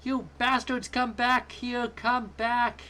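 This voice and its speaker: A man voicing a panicked cartoon boy who yells in a high, raised voice. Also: flat delivery, slow pace, heavily acted. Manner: yelling, high-pitched.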